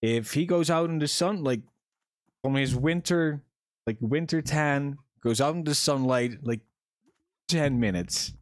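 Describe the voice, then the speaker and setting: A man's voice: a little high, measured pace, no room sound, clean studio sound. A young man chatting casually to viewers while livestreaming a game, joking and swearing as he plays. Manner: chatty, profane, jokey self-talk to viewers. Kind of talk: casual gaming livestream chat.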